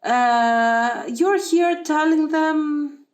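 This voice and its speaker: A woman's voice: sits high, extremely slow, reverberant. A woman giving a pick-a-card tarot reading to her viewers. She talks emphatically and with some exasperation, addressing them directly. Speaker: tarot reader.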